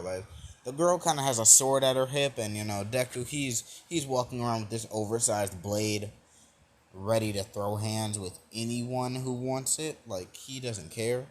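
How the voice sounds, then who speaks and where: A man's voice: medium pitch, measured pace, slight background noise. A young man improvising a fan-fiction retelling, rambling with lots of fillers and restarts. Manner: rambling, full of "like" and "you know", restarts. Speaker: fan storyteller.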